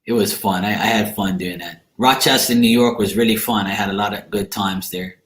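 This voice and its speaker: A man's voice: on the low side, brisk, fairly bright tone. Rambling man telling a story in an echoey room. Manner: rambling, repeats and restarts, laughs while telling. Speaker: channel host. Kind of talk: casual storytelling. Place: room in a home.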